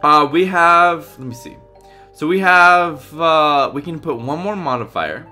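A man hosting a game video in casual let's-play commentary, thinking aloud with many fillers, going from loud upbeat asides to quiet muttering. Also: fairly high pitch, a little slow, soft background music. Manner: loud upbeat openings, then muttering to himself while searching. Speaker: gaming video host.

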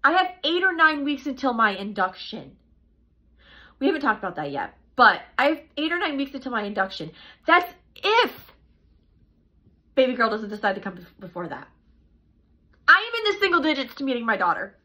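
A woman's voice: a little high, big pitch swings, brisk, bright, forceful tone, low-quality recording. A young woman chatting through a casual vlog update, rambling and repeating herself, a little out of breath. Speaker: vlogger.

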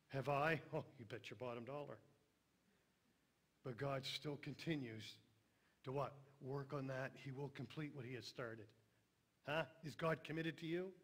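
A middle-aged man preaching a sermon, emphatic, then dropping to a hushed voice on tender lines. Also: mid-range voice, breathy edge.

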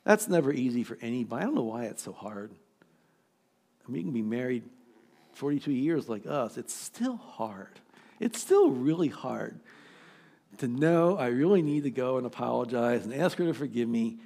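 A man in his sixties, a pastor, preaching an emphatic, exhorting sermon with dramatic pauses. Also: medium pitch, very animated, vocal fry, dark tone. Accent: American. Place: church sanctuary.

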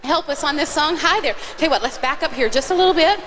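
A woman's voice: sits high, fast talker, fairly bright tone. A woman singer on stage at a live church concert, cheerfully coaching children through song actions over a stage microphone. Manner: cheerful, coaxing, directing children. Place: large church auditorium. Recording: long hall reverb, faint audience noise.

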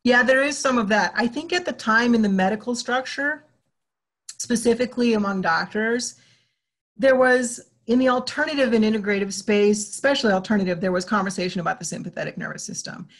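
Animated talkative woman interview guest. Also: fairly high pitch, fairly quick. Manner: animated, talkative, acts out quoted exchanges. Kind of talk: casual interview talk.

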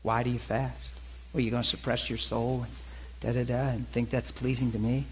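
A male pastor preaching a sermon, telling stories in an animated way and acting out the dialogue. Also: mid-range voice, normal speed, slight background noise, poor audio. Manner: animated storytelling, acts out dialogue.

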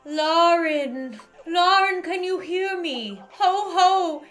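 A woman's voice: extremely high pitch, extremely slow, a bit bright, pitched above the performer's own voice, exaggerated voice. A woman voicing a jolly old male guardian spirit in a video game, with a chuckling, grandfatherly manner and archaic phrasing.

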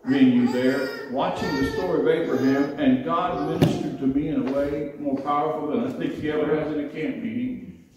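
A middle-aged male preacher telling a personal story in a sermon, building from quiet narration to loud, emotional pleading. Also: a little high, fairly even intonation, moderate pace. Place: large church or convention hall. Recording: echoey hall, distant mic, faint noise.

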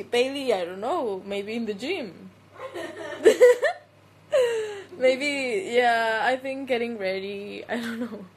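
This is a young woman livestreaming to fans from her phone, casually reading their comments aloud and laughing often. Spanish is her first language, and she speaks with a Mexican accent in a high-pitched voice. The recording is rough, with slight background noise.

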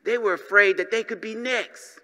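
A man preaching a sermon as pastor, lively and humorous, tossing asides to the congregation. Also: high voice, moderate pace, big-room sound.

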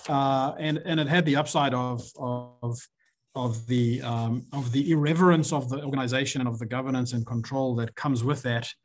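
A man with a South African accent, speaking as a podcast guest in a thoughtful, measured way and searching for his words. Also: mid-range voice, steady tone. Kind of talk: reflective interview talk.

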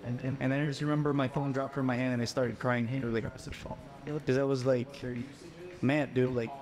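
A man's voice: mid-range voice, moderate pace, over music. Young man from the Philippines, storytelling. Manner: animated, acts out voices in quotes. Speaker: podcast guest. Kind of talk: casual storytelling.

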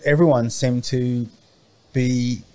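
In a slow, mellow, medium-pitched voice with fairly even intonation, a male farm owner rambles casually as an interview guest, using many fillers and restarts. There's no echo, though his remote call mic drops in and out.

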